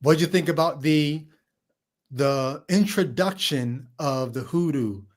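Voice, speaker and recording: A man's voice: a little high, slow pace. A man hosting a podcast, talking casually about a film and thinking aloud about what it means. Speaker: podcast host.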